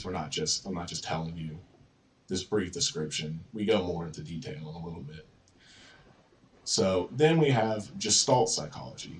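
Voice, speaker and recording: A young man teaching an intro psychology course from slides, relaxed and casual, with plenty of ums and you-knows. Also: sits low, far from the mic. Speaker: psychology lecturer.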